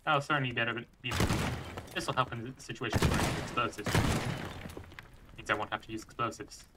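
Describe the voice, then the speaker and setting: A man's voice: medium pitch, brisk, heavy background noise. A man streaming a video game and thinking aloud as he plays, chuckling and restarting his sentences. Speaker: gaming streamer. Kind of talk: let's play commentary.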